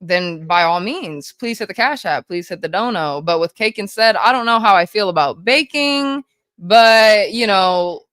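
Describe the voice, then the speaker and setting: A woman livestreaming, reading chat messages aloud in a hyper, rapid-fire, casual way with frequent swearing. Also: mid-range voice, expressive, a bit bright, no echo.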